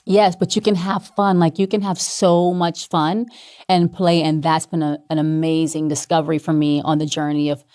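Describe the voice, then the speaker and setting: A young woman from Decatur, Georgia, with a Southern accent, chats casually and playfully as a guest. Her voice sits low, level and a little mellow, and she's quick to break into impressions and other languages.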